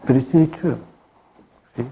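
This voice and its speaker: A man giving an informal spiritual talk in a rambling way, often tagging his lines with "eh?" and dropping soft and low on key words. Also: moderate pace, creaky, narrow, tinny audio, noisy background. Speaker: spiritual teacher.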